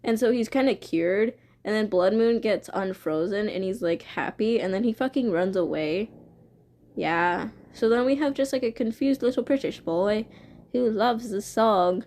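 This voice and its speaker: A woman's voice: medium pitch, normal speed, darkish tone. A young woman streamer casually retelling her own fan story, rambling, swearing freely and giggling.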